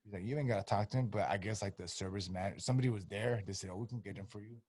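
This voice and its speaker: A man with a low, husky voice, telling a story in a relaxed tone. He swears freely and jumps between voices to act out each side. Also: very fast. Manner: laid-back, swears freely, acts out both sides of stories. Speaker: guest, pro boxer. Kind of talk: casual storytelling chat.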